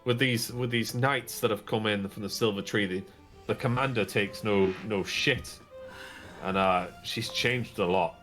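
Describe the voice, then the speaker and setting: A man with a low voice narrates a tabletop role-playing game as game master, talking loosely and restarting his phrases. Faint music plays in the background. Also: measured pace, fairly bright tone. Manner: casual, rambling narration with restarts.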